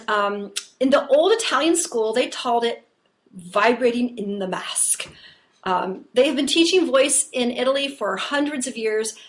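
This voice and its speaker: A woman voice teacher explaining vocal technique in a conversational, explanatory way. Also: a little high.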